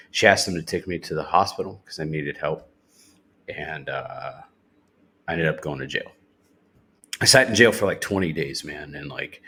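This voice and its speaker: Low-voiced guy on a podcast telling his recovery story, blunt, swears a lot. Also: bright, forceful tone. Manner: candid, swears freely, retells talk in quotes. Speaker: podcast guest. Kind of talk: personal recovery testimony.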